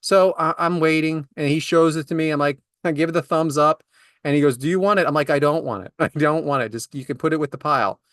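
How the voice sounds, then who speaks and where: A man's voice: a little high, steady tone, fast, fairly bright tone, dry recording, studio quality. A man in his forties, a podcast co-host, telling comedic anecdotes about everyday annoyances in an exasperated, ranting way. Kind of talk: casual comedic storytelling.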